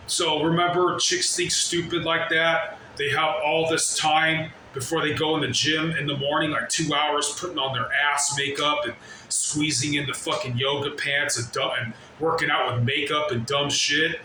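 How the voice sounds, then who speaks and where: Pitched fairly high, this man's voice is pushed and bright, with a flat delivery at a moderate pace. He's doing a reaction video, ranting brashly with nonstop swearing and drifting into tangents, all in a very echoey room with a bit of noise.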